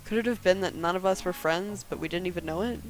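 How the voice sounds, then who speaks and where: A woman voicing a guarded, brooding woman in her thirties, reading her first-person narration and lines quietly and dryly in a game. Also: on the low side, quick pace, natural voice, rough recording. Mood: reflective.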